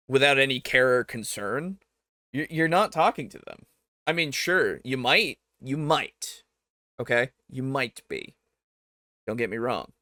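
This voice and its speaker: A man reacting to videos as host, arguing with what he hears in an animated, talkative way and laughing often. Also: mid-range voice, no room sound, studio quality. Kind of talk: casual reaction commentary.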